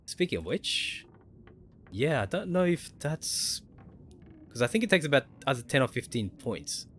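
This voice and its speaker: A man's voice: mid-range voice, very animated, normal speed, fairly bright tone, a little hiss or hum. A man streaming a survival game, casually thinking aloud and explaining mechanics to viewers. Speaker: gaming livestreamer. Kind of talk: casual gameplay commentary.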